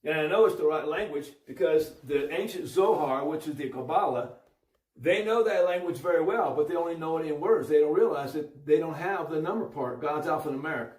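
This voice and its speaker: Guy preaching bible stories, kinda high voice, roomy sound, off-mic. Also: distant mic. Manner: animated, acts out voices, many restarts. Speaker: religious storyteller. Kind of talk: informal preaching and Bible storytelling.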